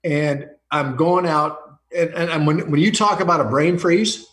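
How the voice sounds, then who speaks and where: A man's voice: a little high, a little slow, a bit bright, echoey room, low-quality recording. A man, a football coach, telling long casual anecdotes with frequent restarts and small laughs. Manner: rambling anecdotes with restarts and chuckles. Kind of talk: casual storytelling interview.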